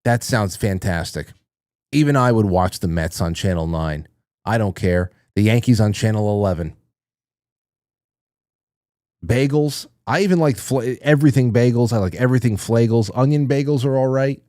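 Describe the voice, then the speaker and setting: This male host of a casual livestream reads viewers' messages out loud and meanders through his thoughts, full of fillers and restarts. His mid-range, darkish voice moves at a moderate pace. There's no room sound in the studio-quality recording.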